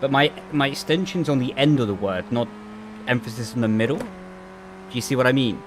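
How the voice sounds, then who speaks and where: A young man streaming a racing game from his home rig, chatting casually and rambling as he reads chat aloud, with a flat intonation, into a headset mic. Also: medium pitch, fairly quick, background noise. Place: home sim rig room.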